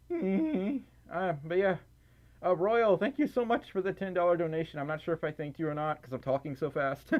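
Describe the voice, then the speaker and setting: A man's voice: a little high, expressive, normal speed. A man chatting casually on a livestream, rambling and self-deprecating with lots of fillers and laughs, tired and a little scratchy. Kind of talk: casual live stream chat.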